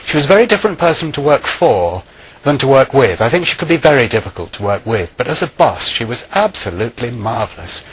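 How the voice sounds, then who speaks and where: A former correspondence clerk giving interview answers eagerly, with some stammered restarts. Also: male voice, mid-range voice, very animated, quick pace, slightly rough, low-quality recording.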